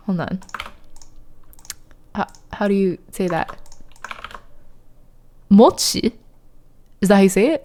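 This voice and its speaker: Lively, giggly woman streamer. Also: fairly low pitch. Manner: chatty, giggly, reads viewer messages aloud. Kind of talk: casual chat with live chat readers.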